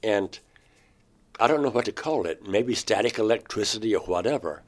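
A man, a painter, recounting a strange personal experience in an interview, halting and restarting mid-phrase, his voice climbing sharply when he quotes himself. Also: lowish voice, animated.

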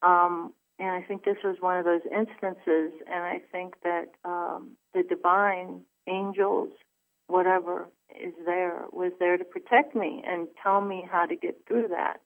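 A woman guest telling a personal story in an earnest, halting way, with many fillers. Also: fairly low pitch, flat delivery. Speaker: phone-in guest. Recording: tinny phone line.

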